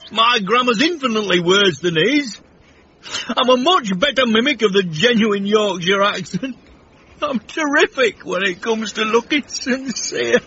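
A man's voice: medium pitch, a bit bright, breathy edge, exaggerated voice. An actor playing a pompous, affected posh man who talks with self-pitying grandeur in a radio comedy. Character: pompous posh man, brother of a union leader. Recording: dull old radio broadcast.

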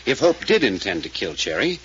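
An actor playing a brisk detective questioning witnesses, in 1940s radio style. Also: male voice, fairly low pitch, big pitch swings, fairly bright tone. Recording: muffled old radio recording with hiss.

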